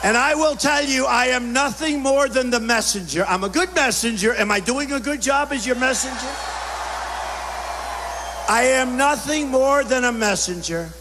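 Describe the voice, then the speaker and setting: A man delivers a bombastic campaign rally speech, hammering short repetitive phrases. His voice sits high for a man and rings through a large hall with a long reverb tail, with a faint crowd murmur underneath. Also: moderate pace, noisy background. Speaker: political speaker at a rally. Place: large indoor rally venue.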